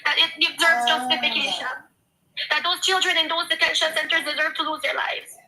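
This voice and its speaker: A woman near tears speaks with fierce, repeating passion. Her voice sits very high and sounds piercingly bright. She swears freely as she pleads her point. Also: fairly quick, a little hiss or hum, poor audio. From Haiti. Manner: impassioned, repetitive, swearing. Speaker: guest. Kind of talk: emotional livestream talk.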